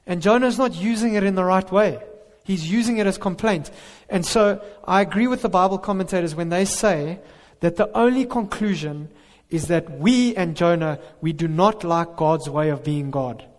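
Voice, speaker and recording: A man's voice: sits high, normal speed. A man preaching a sermon, earnest and emphatic, with rhetorical questions. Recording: reverberant hall.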